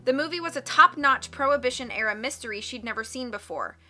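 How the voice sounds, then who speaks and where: A woman reading a mystery novel aloud with clear, steady storytelling. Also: high voice, fast, faint music behind. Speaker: audiobook reader.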